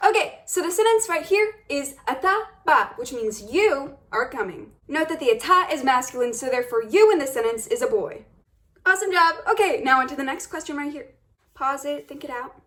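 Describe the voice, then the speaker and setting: Upbeat high-voiced young woman teaching. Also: animated, a little fast, a bit bright. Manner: upbeat, encouraging, addresses viewers as guys. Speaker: language teacher. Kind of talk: casual video lesson.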